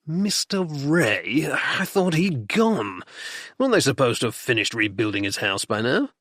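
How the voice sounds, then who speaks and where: A man voicing a blustering, jocular middle-aged aristocratic duke in an audiobook, gruff and clipped. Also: mid-range voice, very animated, a little slow, fairly bright tone, no echo, studio quality.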